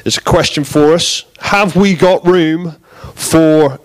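A man giving a relaxed, jokey sermon in a church, bantering with the congregation. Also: fairly high pitch, slow pace, no echo. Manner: chatty, jokey, self-deprecating. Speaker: preacher.

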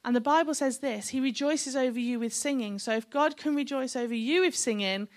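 Woman preacher, middle-aged, a touch high-pitched, chatty and encouraging, with joking asides. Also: fairly quick. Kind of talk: sermon.

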